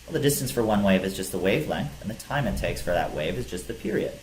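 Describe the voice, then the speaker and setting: A man's voice: on the low side, expressive, fast. A male teacher giving a physics lecture, explaining step by step with some fillers. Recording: echoey room with faint hiss.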